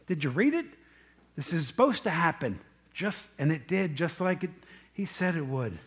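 A man preaching a sermon, reading scripture aloud and questioning his congregation, his voice rising loud and dropping to quiet asides. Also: fairly high pitch, big pitch swings, normal speed, husky. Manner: asks the congregation questions directly.

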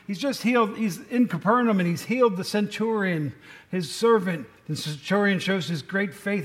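A middle-aged man preaching a sermon as pastor, telling the story with lively asides and jokes. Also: high voice.

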